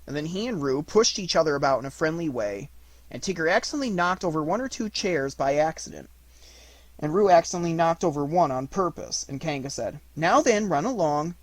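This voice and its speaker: Man reading a storybook aloud, animated. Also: a little high, fairly quick, no room sound. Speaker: audiobook reader. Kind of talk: storybook narration.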